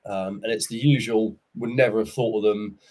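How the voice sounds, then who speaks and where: A man's voice: lowish voice, steady tone, moderate pace, darkish tone. A man in his forties, a company boss talking candidly as a podcast guest, telling stories in a chatty way with casual slang. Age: 40s. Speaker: startup CEO, podcast guest. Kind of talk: casual interview chat.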